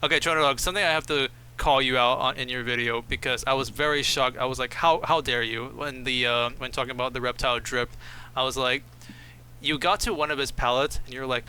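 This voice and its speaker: A man's voice: medium pitch, a little hiss or hum. A man co-hosting a casual gaming podcast, teasing his co-hosts and stretching out words for emphasis. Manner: lively and teasing, drawn-out emphasis. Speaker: podcast co-host.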